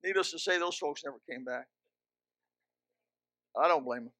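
A man's voice: a little high, moderate pace, bright, forceful tone, dry recording. A man preaching a sermon in a church into a microphone, with emphatic, repeated commands and joking asides. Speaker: pastor. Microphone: handheld or stand microphone.

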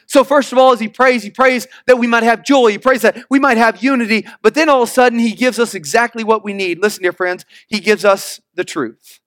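A male pastor preaches emphatically and calls for answers from the congregation. He reads scripture slowly and deliberately. His voice sits very high and the sound is dry and close. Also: steady tone, a bit bright, no room sound. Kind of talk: sermon.

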